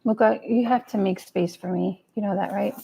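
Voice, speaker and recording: A woman reading tarot on a livestream in a loose, chatty way, swearing freely and muttering half to herself. Her mid-pitched voice has some gravelly fry in it. There is a faint hiss in the background. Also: fairly even intonation, normal speed, mellow, poor audio. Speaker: tarot reader. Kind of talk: live tarot reading, casual chat. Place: home table with a cat nearby.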